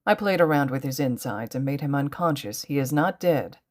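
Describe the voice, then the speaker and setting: Lady doing a stern ninja hero guy, clipped and matter-of-fact, low voice. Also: lively intonation, fairly quick, darkish tone. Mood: cold.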